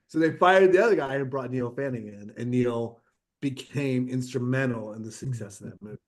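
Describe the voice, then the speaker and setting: A middle-aged man telling stories in a casual interview, acting out quotes with lively shifts. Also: medium pitch, moderate pace. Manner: animated anecdote-telling with acted-out quotes. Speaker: interview guest, actor.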